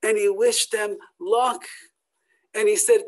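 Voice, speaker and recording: A Torah teacher telling a story in a sermon, swinging from loud emphatic peaks to hushed near-whispers. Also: mid-range voice, fairly even intonation, slow pace, pauses often, rough recording.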